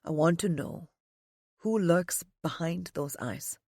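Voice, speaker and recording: A woman voicing a stern, commanding man who speaks slowly and gives curt orders in an audiobook. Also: fairly low pitch, lively intonation, creaky, a little mellow, no echo, clean studio sound, pitched below the performer's own voice, heavily acted. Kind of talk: audiobook character voice.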